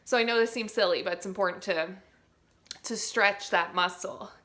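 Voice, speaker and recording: A young woman teaching artist guides young students through a playful physical and vocal warmup, modeling the sounds herself. She speaks at medium pitch and a moderate pace.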